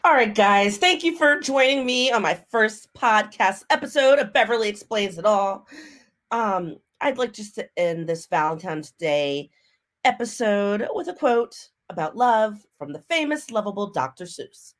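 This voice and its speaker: A woman hosting her own podcast and telling a story in a casual way, animated and laughing as she acts out what people said. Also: medium pitch, unhurried. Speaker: podcast host.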